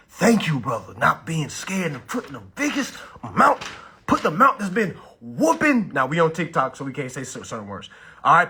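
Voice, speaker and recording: A man hosting a livestream class, hyping his viewers, repeating phrases and urging them to comment, then slowing to hushed, deliberate talk for key points. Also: fairly high pitch, huge pitch swings, breathy edge. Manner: drops to slow, hushed talk when stressing points. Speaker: live-stream host teaching about bills. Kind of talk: hyped social-media livestream class.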